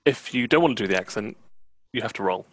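A man running a tabletop game as game master, in a relaxed, laid-back way. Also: lowish voice, fast, no room sound.

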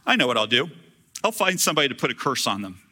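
A man's voice: mid-range voice, big pitch swings, quick pace, pushed and bright. A man preaching a sermon as a pastor, retelling a scripture story in casual, humorous storytelling.

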